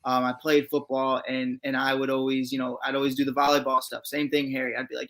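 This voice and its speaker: A man's voice: mid-range voice, completely flat delivery, fast, fairly bright tone. A man from Chicago co-hosting a sports chat, talking in an easygoing, rambling way. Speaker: co-host. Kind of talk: casual chat.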